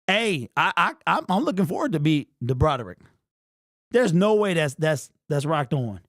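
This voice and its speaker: A young man hosting a fan livestream postgame show, talking excitedly and casually to his chat in slang. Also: fairly high pitch, normal speed, no room sound, studio quality. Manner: excitable, slangy, talks straight to the chat with lots of "bro".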